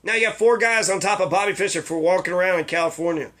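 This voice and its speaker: Profane, ranting man with a bright voice. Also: sits high, fast. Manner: profane, indignant, rambling. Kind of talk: casual ranting monologue.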